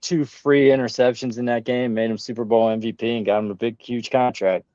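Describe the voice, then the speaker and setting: A man's voice: medium pitch, fairly even intonation, a little fast, a little mellow, no room sound. A man co-hosting a casual sports talk show, recalling old football games in a matter-of-fact way. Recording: slightly muffled audio.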